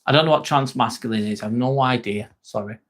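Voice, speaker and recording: A man talks fast in a mid-range voice while hosting a casual livestream. He reads the chat and answers viewers head-on, chatty and jokey, with plenty of swearing.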